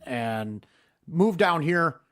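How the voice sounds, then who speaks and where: A man's voice: a little high, very slow. A man hosting a podcast, chatting casually and telling a fishing story full of swearing. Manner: profane, animated storyteller. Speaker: podcast host.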